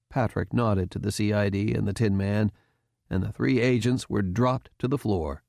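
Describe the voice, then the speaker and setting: A man narrating an audiobook in a steady, even reading voice. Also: fairly low pitch, normal speed, gravelly, no room sound, studio quality. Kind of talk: scripted narration.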